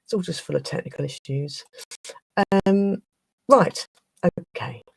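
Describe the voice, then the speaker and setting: A woman hosting a craft livestream in casual chat, flustered and restarting her sentences, with a slightly rough throat. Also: deep voice, lively intonation, unhurried, no echo, poor audio. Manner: chatty, flustered, trailing off and restarting.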